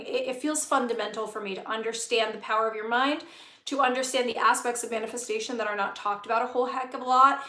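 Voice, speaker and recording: A woman's voice: on the high side, a bit bright, reverberant. A woman hosting a live-stream talk as a spiritual business coach, speaking earnestly with many fillers and repeated phrases.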